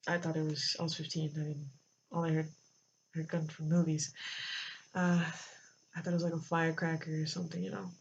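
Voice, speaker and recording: A vlogger recounts a personal story in a hesitant, unscripted way, circling back and filling pauses with ums and uhs. The voice sits at a middling pitch. The recording is muffled and lo-fi, with faint cars passing nearby. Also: flat delivery, gravelly. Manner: halting, many fillers and restarts. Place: near a road with passing cars. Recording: dull lo-fi with faint traffic noise.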